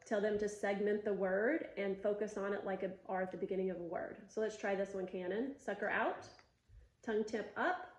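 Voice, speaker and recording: A woman speech teacher giving patient, step-by-step coaching, stretching out sounds slowly to demonstrate them and following with brief praise. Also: mid-range voice, steady tone. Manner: gives short coaching cues and praise. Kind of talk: instructional demonstration. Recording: roomy echo.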